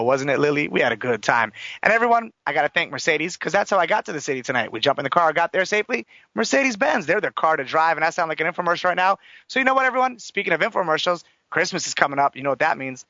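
A man hosting a radio talk show, energetic and chatty as he plugs sponsors and signs off. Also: fairly high pitch, no room sound, lo-fi sound.

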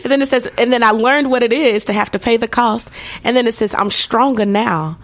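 A woman's voice: a little high, steady tone, quick pace. A woman singer, a guest in a casual interview, talking upbeat with frequent laughs. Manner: upbeat, laughs often, breaks into song.

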